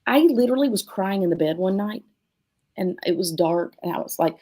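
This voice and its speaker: Lively storytelling woman studio owner. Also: mid-range voice, brisk. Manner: animated, acts out quotes in different voices. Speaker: guest, dance studio owner. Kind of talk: casual storytelling chat.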